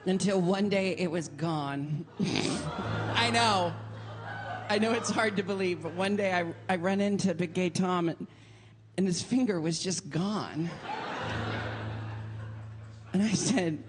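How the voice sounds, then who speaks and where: A woman doing stand-up comedy, telling a story in an animated, self-mocking way. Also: lowish voice, slow, long pauses, noisy background.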